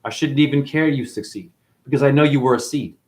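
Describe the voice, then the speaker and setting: A man's voice: medium pitch, brisk. A man giving a spiritual monologue as a teacher, preachy and profane, firing one rhetorical question after another.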